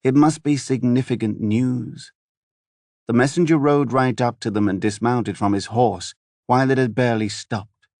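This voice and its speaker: A man narrating a fantasy audiobook in an even, measured storytelling manner. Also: medium pitch, no echo, studio quality. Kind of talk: scripted narration.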